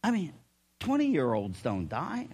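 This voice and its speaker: An older man preaching a sermon in a folksy way, swinging between loud emphasis and quiet asides. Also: a little high, wildly swooping pitch, slow pace, husky. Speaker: pastor.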